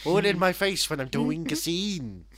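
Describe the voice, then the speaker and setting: A man's voice: on the high side, lively intonation, moderate pace, crowd noise, pitched above the performer's own voice, lightly acted. A man putting on a pompous, hot-tempered male film star with a put-on Welsh accent, ranting grandly.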